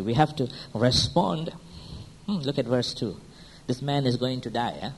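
A man preaching a sermon who keeps asking his listeners pointed questions and checking in with "hmm?", moving between quiet, slow lines and sudden loud, high-pitched bursts. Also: expressive, slight background noise, rough recording.

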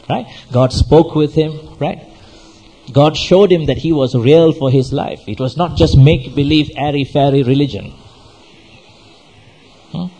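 A man preaches with a husky, slightly breathy voice and a dark, mellow tone. He exhorts his listeners in a sermon, repeating phrases and firing questions at them. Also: mid-range voice, rough recording. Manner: exhorting, repetitive, asks the audience questions. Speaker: pastor.

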